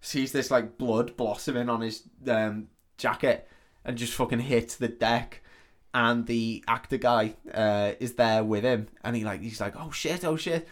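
A man's voice: medium pitch, level tone, a little slow. A man casually retelling a film plot on a podcast, sweary and rambling, acting out the characters' lines as he goes. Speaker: podcast co-host. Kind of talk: casual film recap chat.

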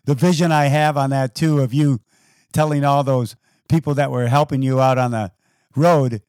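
A man's voice: medium pitch, fairly even intonation, normal speed, a little mellow, smooth, no echo, clean studio sound. A man hosting a podcast interview in an easygoing, conversational way. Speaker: podcast host. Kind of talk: casual interview chat.

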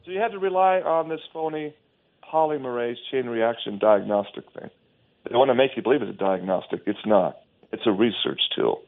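A man's voice: medium pitch, fairly quick. A man talking emphatically and scornfully as a guest on a talk show, often restarting his sentences, heard over a phone line.

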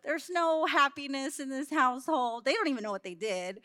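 A woman delivers a sermon built on a personal story, candid and self-mocking with laughs along the way. Her voice sits high and rings bright. The sound is close and dry. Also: animated, brisk, no room sound. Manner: laughs between lines. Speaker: church speaker.

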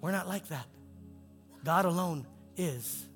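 A male pastor preaching in a church, his delivery swinging between soaring emphatic peaks and hushed low lines. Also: slow pace. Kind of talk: sermon with altar call. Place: church sanctuary. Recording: long hall reverb with faint music.

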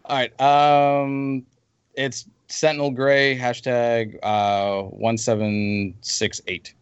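A man's voice: mid-range voice, flat delivery, takes it slowly, clean tone, no room sound. A man in a casual gaming chat, venting and rambling with restarts. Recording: dull lo-fi dry mic.

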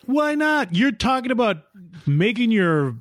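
A man's voice: extremely high pitch, sing-song, a little slow, dry recording. A man co-hosting a casual podcast, joking around with his friends over a remote call. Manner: joking, chatty. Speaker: podcast co-host. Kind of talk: casual chat. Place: home room with clothes hung to baffle echo. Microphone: remote recording over internet.

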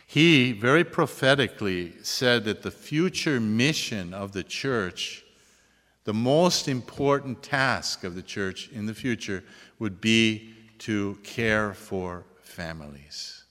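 Older priest, slow easygoing talk, bright voice, long hall reverb. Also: male voice, on the low side. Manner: relaxed, joking, chuckles at his own jokes. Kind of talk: folksy talk to an audience.

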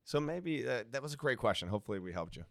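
A man's voice: mid-range voice, animated, fast, creaky, fairly bright tone, dry recording, clean studio sound. A male guest speaker and voice performer in a casual panel talk, telling stories animatedly and acting out quotes, in front of a student audience. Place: university lecture hall before a student audience.

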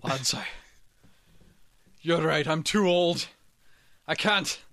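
A dying old Scottish warrior rallies his comrades with rousing, rising cries, as a man puts on the accent. The voice sits high and bright, straining louder as it pushes on. Gruff, weary, and defiant, straight out of a comic campfire tale. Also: slow, full character voice. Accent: put-on Scottish. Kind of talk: improvised comic storytelling.

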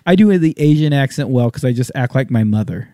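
A man's voice: medium pitch, expressive, a little fast, warm tone, dry recording, studio quality. A man hosting a casual interview, chummy and laid-back, calling people dude and man. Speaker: host.

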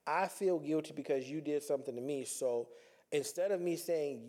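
A man's voice: medium pitch, moderate pace, darkish tone. A man talking earnestly in a reflective personal monologue, conversational and repeating himself as he works through his thoughts.

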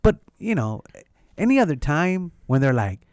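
A man's voice: on the high side, big pitch swings, normal speed, darkish tone, clear, resonant tone, no room sound, studio quality. A man co-hosting a podcast, rambling and joking with casual swearing. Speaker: podcast co-host. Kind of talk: casual chat.

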